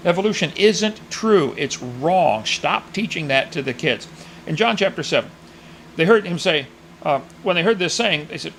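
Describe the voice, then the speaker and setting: A man's voice: on the high side, very animated, normal speed, vocal fry, a bit bright, a little hiss or hum, low-quality recording. A middle-aged man preaching a sermon with Bible readings, folksy with mocking asides.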